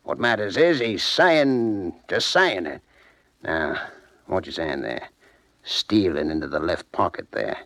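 An actor playing Grigsby, a boastful, scheming master thief, hearty and swaggering in an old-time radio drama. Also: male voice, mid-range voice, very animated, slow pace, few pauses, fairly bright tone, no echo. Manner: hearty, swaggering, laughs often.

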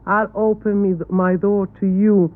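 A woman from Cuba, a native Spanish speaker with a Cuban Spanish accent, answering questions earnestly in halting English and correcting her questioners. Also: medium pitch, fairly even intonation, no room sound. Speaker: interview guest. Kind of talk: televised panel interview. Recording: tinny archival broadcast audio.

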